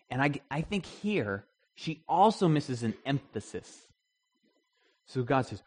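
A man's voice: medium pitch, very animated, normal speed, darkish tone. A man leading an interactive Bible study, talking conversationally, putting questions to the group and restarting his sentences often.

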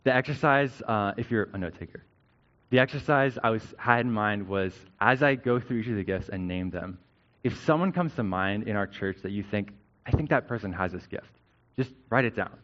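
Man, pastor, conversational sermon, lowish voice, dull lo-fi sound. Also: fairly quick, a bit bright. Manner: conversational, often adds "right?" to check understanding. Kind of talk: sermon teaching.

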